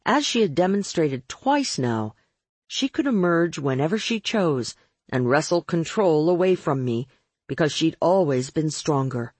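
Husky woman narrating an audiobook. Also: deep voice, animated, measured pace, a little mellow, no room sound. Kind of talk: first-person scripted narration.

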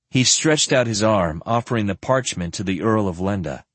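Low, lively male audiobook narrator. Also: moderate pace, few pauses, dry recording. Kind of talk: scripted narration.

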